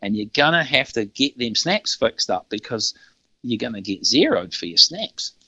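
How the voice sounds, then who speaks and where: A man's voice: medium pitch, sing-song, normal speed, sharp tone, no echo, muffled recording, full character voice. Man doing a blunt Canadian pilot.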